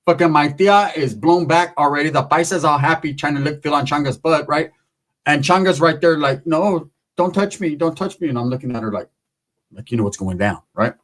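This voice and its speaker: A man's voice: on the high side, fairly quick, a bit bright. A man telling a long, profane, rambling story in casual talk, acting out the other people in it.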